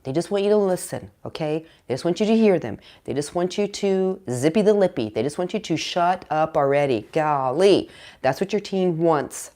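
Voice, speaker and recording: A woman hosting a parenting channel, talking casually to the camera, acting out parents and teens and checking in with "okay?" and "all right?". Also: fairly low pitch. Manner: chatty, animated, acts out parents and teens in quoted voices. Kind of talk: casual direct-to-camera advice.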